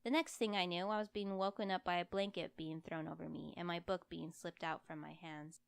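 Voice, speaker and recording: A woman reading first-person fiction aloud with wry, lively narration. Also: lowish voice, fairly quick, creaky, smooth, no room sound. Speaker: audiobook reader.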